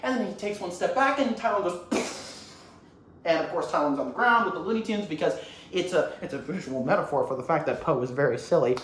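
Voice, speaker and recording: A young man retells a movie in a loose, comic ramble full of swearing. His pitch is lively and bouncy. The recording has a roomy echo with faint ambient noise behind it. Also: fairly quick. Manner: rambling, swears a lot, animated. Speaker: YouTuber. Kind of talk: casual comedic movie retelling.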